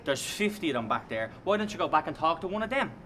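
A man's voice: fairly high pitch, sing-song, fast, fairly bright tone, slight background noise. An actor with a Dublin Irish accent playing a cocky young lad who taunts his friend with crude, sweary insults. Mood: mocking. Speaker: actor in a comedy series. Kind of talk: scripted comedy drama.

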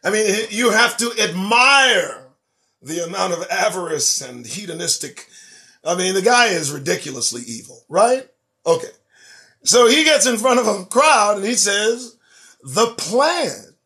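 A man hosting his own show, delivering a profane, preachy political monologue that swings between loud emphasis and low asides. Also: animated, a little slow. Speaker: host.

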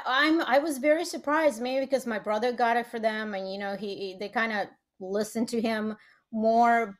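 High-voiced, laughing woman guest. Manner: laughs often, acts out family quotes. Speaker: matchmaker and author guest. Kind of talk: casual chat.

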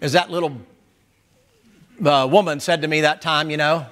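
High, bright-voiced preacher man. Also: fairly even intonation, normal speed, long pauses. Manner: loud, emphatic, hollering at times. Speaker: pastor. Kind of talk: sermon.

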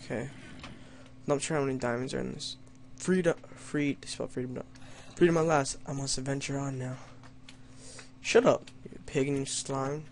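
A man's voice: medium pitch, steady tone, fairly quick, creaky, slight background noise. A young man doing let's play commentary, reading story lines in a mock-dramatic tone and joking wryly at himself. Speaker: gamer playing an adventure map.

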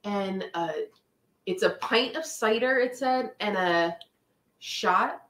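A woman co-hosting a casual live-stream chat, chatty and quick to laugh. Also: medium pitch, a bit bright, reverberant. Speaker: co-host.

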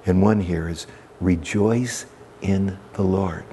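A male pastor preaching a verse-by-verse sermon in a church, emphatic and repetitive, swinging between soft and animated delivery. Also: low voice, slow pace, slight background noise.

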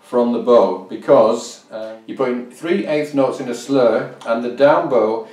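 A man's voice: medium pitch, a little slow, a little mellow. A man explaining and demonstrating fiddle bowing as a teacher, counting beats aloud and humming rhythms. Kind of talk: instructional explanation. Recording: roomy, distant mic, fiddle playing.

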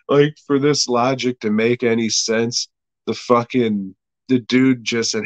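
Slow, profane man recapping an episode. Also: mid-range voice, expressive, a bit bright, no room sound, low-quality recording. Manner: profane, rambling, laughing recap. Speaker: podcast host reviewing an episode. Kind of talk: casual chat.

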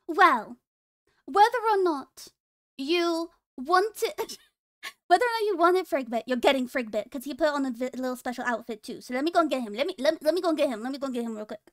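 A woman's voice: sits high, lively intonation, fairly quick. A woman streaming casually, teasing and joking with her chat and laughing often.

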